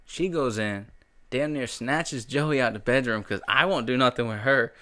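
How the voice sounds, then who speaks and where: A man's voice: medium pitch, normal speed, no room sound. Brash profane man in his thirties. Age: 30s. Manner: brash, profane, animated storyteller. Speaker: podcast co-host. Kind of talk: casual chat, crude storytelling.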